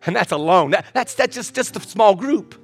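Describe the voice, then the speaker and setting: A middle-aged man, a pastor, preaching with humor, swinging between loud outbursts and quiet moments. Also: high-pitched, expressive, moderate pace, husky. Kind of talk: sermon.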